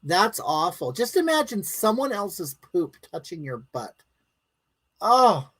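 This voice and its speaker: A woman's voice: fairly low pitch, sing-song, slow, a bit bright, husky, low-quality recording. A woman hosting a live stream from home, chatting casually and bluntly with viewers and reading out their comments in a rambling, crude way.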